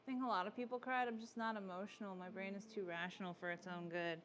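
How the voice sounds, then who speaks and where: A woman's voice: medium pitch, steady tone, fast talker, a bit bright, slight background noise. A young adult woman hosting a casual livestream, chatting with viewers and reading their comments aloud. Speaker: livestream host.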